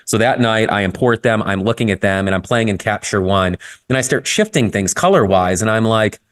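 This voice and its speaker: A man talking candidly in a casual podcast conversation, telling stories with frequent swearing and lively shifts in tone. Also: fairly low pitch, a little fast. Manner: candid, profane, storytelling, lively. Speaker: guest photographer.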